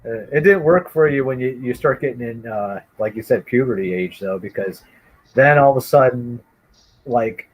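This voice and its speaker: A man telling a childhood story in casual chat, rambling and animated, with many restarts. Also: mid-range voice, moderate pace, slightly rough, poor audio. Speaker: guest storyteller.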